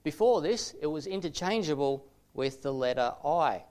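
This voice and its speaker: Man explaining in a measured lecture. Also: a little high, lively intonation, darkish tone. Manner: measured explanatory delivery with frequent "uh" fillers. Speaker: teacher. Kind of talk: lecture-style video teaching.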